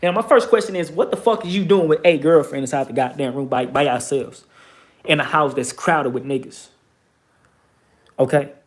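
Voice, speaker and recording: A slightly high-pitched man, spinning a story from his neighborhood. He talks casually and profanely and punches key points with emphasis. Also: moderate pace. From Texas, USA. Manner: emphatic, profane, streetwise retelling with rising bursts of emphasis. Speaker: vlogger.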